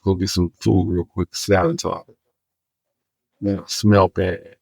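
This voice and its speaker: Podcast guest, man; animated storyteller who acts out the dialogue, low voice. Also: measured pace, gravelly, no echo. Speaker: guest, homelessness outreach worker.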